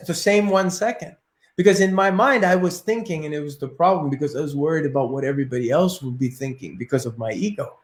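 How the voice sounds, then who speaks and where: Animated storytelling man, echoey room. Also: on the high side. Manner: animated, acts out inner thoughts. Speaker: martial arts teacher. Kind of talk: storytelling in an interview.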